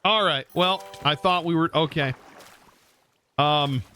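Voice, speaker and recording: A young man hosting a live game stream, excitable, exclaiming often and thanking viewers. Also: fairly high pitch, slow, faint music behind. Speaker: livestream host.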